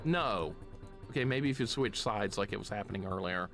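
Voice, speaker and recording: A man from the southeastern United States with a slight Southern city accent, chatting excitedly while streaming a game and greeting viewers. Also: on the low side, moderate pace, faint music behind. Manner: chatty, excitable, laughs often, greets chat. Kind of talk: live gameplay commentary.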